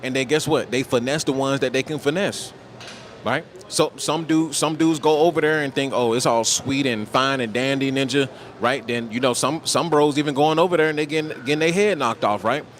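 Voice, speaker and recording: Speaking fast in a fairly high voice, this U.S. livestream host keeps things casual, slangy and punchy, tacking "right?" onto almost every point. A little background noise can be heard.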